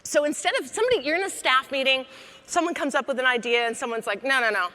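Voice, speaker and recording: Bright-voiced woman giving a comedic keynote. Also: high-pitched, fast. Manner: lively, conversational, joking with the audience. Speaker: keynote speaker. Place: large conference hall. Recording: long hall reverb.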